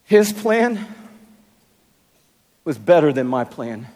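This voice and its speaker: Older man preaching slowly in an arena. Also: fairly high pitch, very animated, warm tone. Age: 60s. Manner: emphatic, drawn-out phrasing with playful asides. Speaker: pastor. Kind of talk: sermon. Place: large arena. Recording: long arena reverb.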